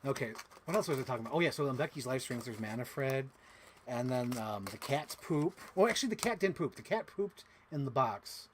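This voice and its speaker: A man's voice: mid-range voice, animated, fairly quick, a little hiss or hum. A man chatting casually in an unboxing vlog, rambling with lots of "like" fillers and dropping into silly voices. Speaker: toy collector vlogger. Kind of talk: casual unboxing chat to a live chat.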